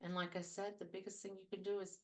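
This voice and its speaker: A woman's voice: mid-range voice, level tone, fast, a little mellow. A woman hosting her own talk show as a trauma coach, giving advice in an earnest, conversational way and repeating phrases for emphasis.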